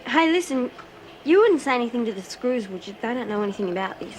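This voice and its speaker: A woman's voice: fairly high pitch, lively intonation, quick pace, a little hiss or hum, natural voice. An actress playing a cheeky, chatty female prison inmate with an Australian accent, talking in eager slang.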